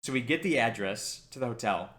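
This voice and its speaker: A young man co-hosting a podcast, telling a story in animated, casual chat and quoting people as he goes. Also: mid-range voice, fairly quick. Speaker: podcast co-host.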